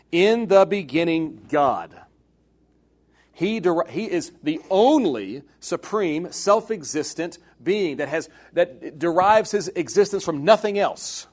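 Animated pastor, man, slightly high voice. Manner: animated, swings between loud emphatic bursts and hushed asides, jokey. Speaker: pastor teaching a Bible class. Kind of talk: sermon-style Bible teaching.

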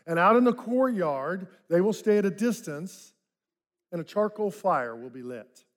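A man preaching a sermon, telling the story vividly and dropping to soft, low tones for reflective points. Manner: dramatic storytelling, acting out quoted voices. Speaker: pastor.

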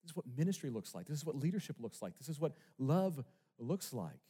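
Animated male preacher in an echoing hall. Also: mid-range voice, fairly quick, slightly rough. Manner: emphatic, with rhetorical questions. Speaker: pastor. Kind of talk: sermon. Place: church sanctuary. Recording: long reverb of a large hall.

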